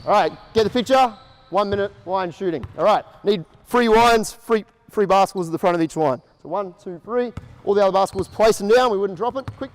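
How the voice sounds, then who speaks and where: Male coach in an echoey gym. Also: high-pitched. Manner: explains drills in short casual instructions, then calls out quick drill cues. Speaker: basketball coach. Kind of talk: coaching clinic instruction. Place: indoor basketball court. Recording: echoey gym hall reverb.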